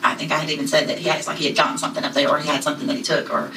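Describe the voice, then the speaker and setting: A woman's voice: low-pitched, flat delivery, very fast, pushed and bright. A woman deputy in a recorded interview, chatty and quoting herself and others. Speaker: sheriff's deputy being interviewed. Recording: echoey room, mic far off, faint noise.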